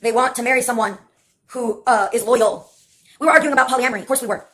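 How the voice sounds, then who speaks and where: A woman, likely in her twenties, telling wry personal stories in a rambling vlog monologue full of filler pauses. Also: a little high, a bit bright, slightly rough. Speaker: vlogger. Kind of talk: casual storytelling monologue.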